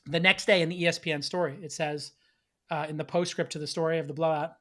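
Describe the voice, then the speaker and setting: A man hosting a podcast, telling a casual story in an animated way, laughing now and then. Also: on the high side, fast talker. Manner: animated, laughs between lines. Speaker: podcast host.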